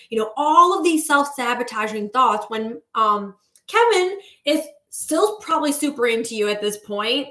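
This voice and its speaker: A woman's voice: a little high, expressive, normal speed, a bit bright, roomy sound. A woman manifestation coach in a breezy, chatty livestream talk, greeting viewers as she goes.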